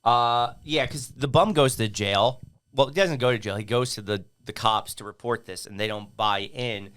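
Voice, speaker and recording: A man's voice: mid-range voice, normal speed, a bit bright, clean tone. A man co-hosting a casual movie review podcast while sick, joking around and now and then putting on silly voices. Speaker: podcast co-host.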